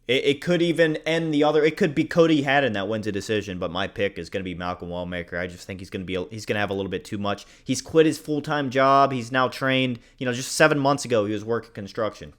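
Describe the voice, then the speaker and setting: A man's voice: fairly low pitch, fairly bright tone. Rambling blunt man making fight picks. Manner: rambling, blunt, swears, jokes at himself. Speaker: host giving fight predictions. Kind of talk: casual commentary.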